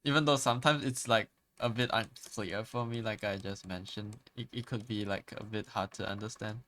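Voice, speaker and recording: A man's voice: on the low side, fairly even intonation, moderate pace, fairly bright tone, a little hiss or hum. A man streamer in casual live chat, talking hesitantly with stammers and restarts as he searches for words. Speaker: art streamer.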